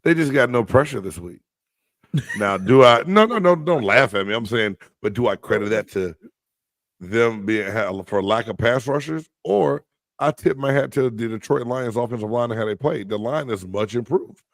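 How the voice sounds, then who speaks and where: A male podcast co-host who defends his football team with emphatic, argumentative energy. His voice sits in a middle pitch range. The sound is dry and close to the mic. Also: normal speed, no room sound. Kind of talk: casual sports debate.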